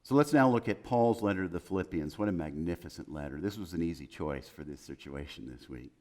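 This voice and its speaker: A man preaching a sermon as pastor in a chapel, building through emphatic lists and dropping to soft, hushed quotes. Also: sits low, lively intonation, fairly quick.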